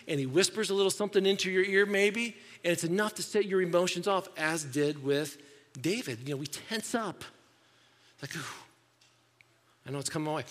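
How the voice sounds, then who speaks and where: A middle-aged male pastor gives a sermon in a conversational, storytelling manner, turning to the congregation with frequent asides. His voice is bright and forceful and sits somewhat high for a man. The sound has a long reverb tail from a large church hall.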